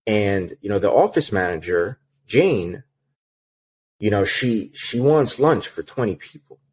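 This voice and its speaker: With a husky voice on the low side, a man speaks unhurriedly as a podcast guest. A sales manager, he tells an animated work story in casual conversation, using many fillers and acting out a phone call.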